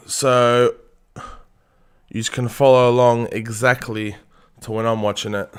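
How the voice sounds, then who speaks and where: A man's voice: medium pitch, steady tone, slow pace, creaky, pauses often, smooth. A young man hosting a football watchalong, chatting casually and passionately with frequent swearing. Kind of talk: casual live match commentary.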